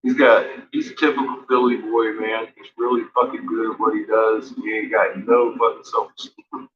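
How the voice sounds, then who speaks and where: A man's voice: lowish voice, level tone, normal speed. Foul-mouthed man rambling on a dull stream. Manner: heavy swearing, laughs between remarks. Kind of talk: rambling casual storytelling.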